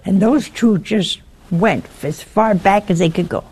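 Speaking at a measured pace, a woman with a medium-pitched, somewhat mellow voice and a breathy edge gives an informal religious talk on a broadcast network. Her message includes an earnest warning and a story retold step by step.

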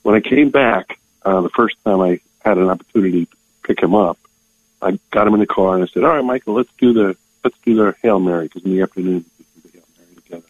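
An older man speaks over a tinny, phone-like line. His voice is low and husky, his delivery halting and full of restarts as he tears up. He sounds close and dry. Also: no echo. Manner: halting, emotional, many restarts. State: tearing up. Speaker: caller. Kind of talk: call-in testimony.

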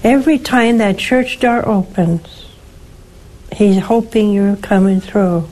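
An older woman, a nun who hosts a call-in show, speaks in a slow, deliberate way. Her counsel is earnest and motherly, gently pressing her point again and again. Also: mid-range voice, poor audio.

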